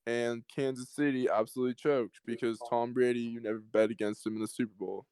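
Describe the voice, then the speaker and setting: A man's voice: mid-range voice, steady tone, a little fast, a little mellow, smooth, no room sound, low-quality recording. A young man co-hosting a casual podcast, talking in long rambling runs and swearing freely. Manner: rambling, swears, mimics others. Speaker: podcast co-host. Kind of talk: casual chat.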